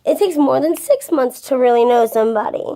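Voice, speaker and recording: A woman's voice: high voice, lively intonation, brisk, dark tone. A tired woman in a vlog rant, blunt and profane, swearing heavily as she vents. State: tired, yawning. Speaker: vlogger. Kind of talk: ranting vlog monologue.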